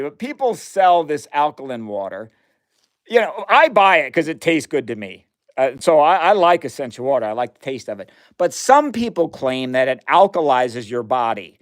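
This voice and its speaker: Animated man hosting a science livestream. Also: a little high, moderate pace. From United States. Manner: animated, laughs often, talks to viewers. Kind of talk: casual live demo chat.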